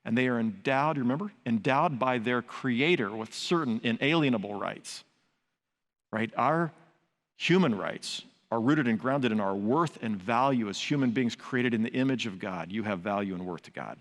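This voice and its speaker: An older pastor gives a sermon in a medium-pitched voice at a moderate pace, sounding earnest and conversational as he combines teaching with personal stories. The recording carries the long reverb of the large church sanctuary.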